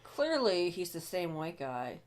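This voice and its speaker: Lively-voiced woman joking through a movie. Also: fairly low pitch, unhurried. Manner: wry, joking interjections. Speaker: co-host of a film commentary. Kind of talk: casual movie commentary.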